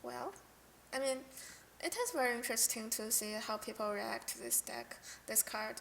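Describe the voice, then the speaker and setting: A young woman streamer who is not a native English speaker, chatting casually and haltingly while reading game card text aloud on a headset mic. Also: a little high, creaky, a bit bright, slight background noise. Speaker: game streamer reviewing cards. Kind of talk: casual live-stream chat.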